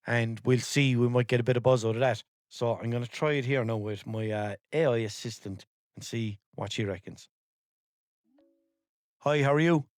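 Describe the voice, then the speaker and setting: A man's voice: medium pitch, normal speed, no room sound, studio quality. An Irish man hosting a podcast in casual chat, rambling and sweary and easily exasperated. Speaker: podcast host.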